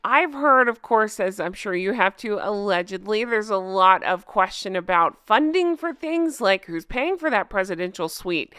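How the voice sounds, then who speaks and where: A woman hosting her own commentary channel, ranting in a sarcastic, exasperated, animated way. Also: medium pitch, clear, resonant tone, no room sound, clean studio sound.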